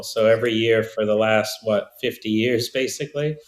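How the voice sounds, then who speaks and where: A man's voice: on the low side, fairly even intonation, fairly quick. A man in his fifties from Australia who speaks with an American accent, telling easygoing, joking stories as a podcast guest. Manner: easygoing, joking, rambling anecdotes. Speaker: guest, golf coach. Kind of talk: casual interview storytelling. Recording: roomy echo.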